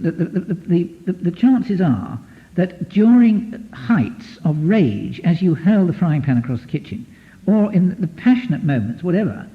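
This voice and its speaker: A man lecturing to an audience as a psychotherapist, digressive and full of restarts. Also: fairly high pitch. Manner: lively, digressive, many restarts, taps out rhythms. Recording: dull lo-fi archive tape.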